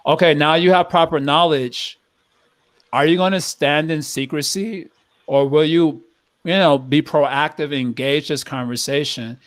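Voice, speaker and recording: A man's voice: a little high, steady tone, measured pace, no room sound. A young man hosting a podcast, telling a story and asking a long question in a thoughtful, rambling way. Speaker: podcast host. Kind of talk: casual podcast chat.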